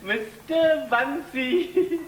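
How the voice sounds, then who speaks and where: A man's voice: very high voice, big pitch swings, sharp tone, a little hiss or hum, heavily acted. An actor playing a boastful, tipsy man who teases and laughs as he tells a story on a theatre stage. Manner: slow, teasing, laughing while he boasts. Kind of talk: stage play performance. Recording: echoey hall, distant mic.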